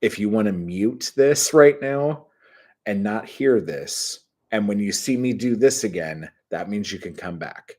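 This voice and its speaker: A middle-aged man hosting his own livestream, chatting casually, rambling and swearing with sudden bursts of excitement. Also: lowish voice, measured pace. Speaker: channel host.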